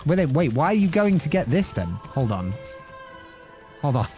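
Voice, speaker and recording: A young man streaming gameplay, chatty and joking, his voice fairly high and swinging up and down animatedly. Faint game music plays underneath. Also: sing-song, normal speed, darkish tone. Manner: playful, chatty, jokes and laughs often. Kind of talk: live-streamed gameplay commentary.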